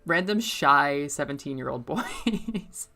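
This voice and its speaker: A young woman streaming a game and chatting casually, rambling between topics, laughing often and getting suddenly loud when excited. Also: low voice, takes it slowly, gravelly. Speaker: streamer and middle school teacher. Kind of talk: casual chat while playing a game.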